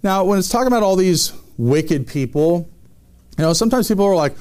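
A man's voice: sits high, animated, brisk, a little mellow, clear, resonant tone. A man preaching a sermon, reading scripture and then commenting on it in an emphatic, conversational way with frequent restarts.

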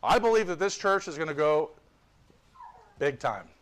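A man's voice: on the high side, lively intonation, moderate pace. A man preaching a sermon with fervor, reading scripture and adding joking asides. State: tired. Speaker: visiting pastor.

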